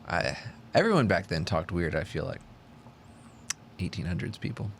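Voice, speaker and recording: A man's voice: low voice, very animated, moderate pace, slight background noise. A young man co-hosting a podcast, chatting casually and rambling through his thoughts. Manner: chatty, rambling, puts on mock old-timey announcer voices. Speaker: podcast co-host. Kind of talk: casual chat.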